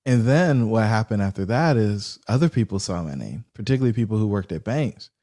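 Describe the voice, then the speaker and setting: Speaking a little fast, this male podcast guest, a real estate investor, tells animated stories in a warm, low tone. He performs the quoted dialogue as he goes.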